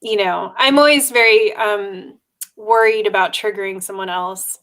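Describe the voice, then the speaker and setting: A woman's voice: mid-range voice, fairly bright tone. Reflective woman hosting a podcast. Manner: thoughtful, reflective, speaks in halting phrases. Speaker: podcast host. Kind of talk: casual conversational podcast chat.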